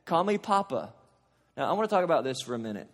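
A man's voice: a little high, very animated, quick pace. A man preaching a sermon as pastor, earnest and building to impassioned cries. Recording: long reverb of a large hall.

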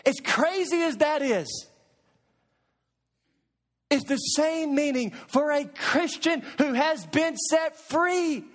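High-pitched impassioned male preacher. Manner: impassioned preaching with wide swings between loud emphasis and hushed asides. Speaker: pastor. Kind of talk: sermon.

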